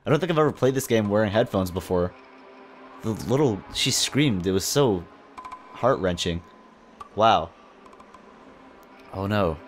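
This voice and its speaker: A man giving excitable, jokey commentary while playing a video game, often yelping and exclaiming. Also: lowish voice, measured pace, pauses often, slight background noise. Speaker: let's play host. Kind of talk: gameplay commentary.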